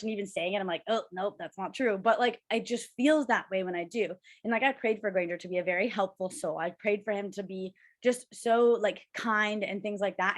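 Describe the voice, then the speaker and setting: Fast-talking, bubbly young woman co-host. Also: mid-range voice. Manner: fast, bubbly, rambling with many "like"s. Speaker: podcast co-host. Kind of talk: casual chat. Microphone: video call.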